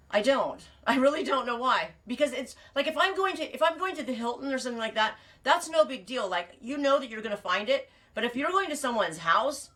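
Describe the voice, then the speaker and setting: A woman's voice: medium pitch, a bit bright. A middle-aged woman, a sheep farmer, chatting in a rambling, digressive way on a live stream, laughing often and restarting her sentences. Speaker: sheep farmer and knitting vlogger.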